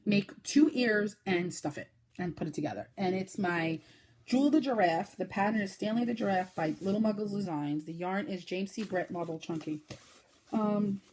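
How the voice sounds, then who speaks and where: A woman hosting a casual crochet podcast, talking fast and chatty, showing her projects with lots of fillers. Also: darkish tone, slight background noise. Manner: chatty, fast-talking, with fillers and sudden high baby-talk bursts. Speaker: podcast host.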